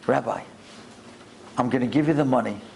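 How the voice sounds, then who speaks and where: Man retelling as a moved bank manager, low quiet voice, solemn, on the verge of tears. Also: moderate pace, gravelly, slight background noise, lightly acted. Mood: tearful, solemn. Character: grateful middle-aged male bank manager, tearful.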